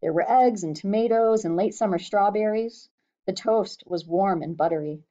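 Woman, reading a book aloud, steady storytelling, middle pitch, slightly muffled recording. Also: moderate pace. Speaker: reader. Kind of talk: audiobook reading of a novel for students.

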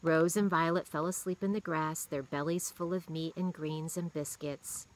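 A woman reading a children's novel aloud in a steady, expressive way. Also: low-pitched, moderate pace, rough recording. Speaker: reader.

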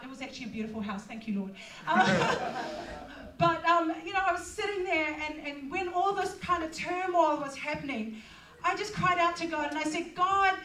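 A woman's voice: high voice, sharp tone. A middle-aged woman pastor, preaching in a personal, conversational way with plenty of fillers. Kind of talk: sermon. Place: church hall. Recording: echoey hall, distant mic.

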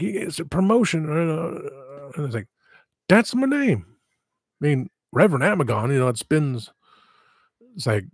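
A man with a lowish voice hosts a livestream, chatting casually in a rambling, digressive, self-deprecating way. The recording is clean studio sound with no echo.

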